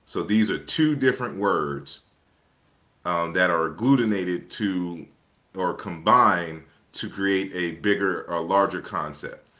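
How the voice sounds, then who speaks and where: A man giving an online lecture that walks through slides in a measured, explanatory way, often pausing and restarting his sentences. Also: sits low, sharp tone. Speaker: lecturer presenting his book.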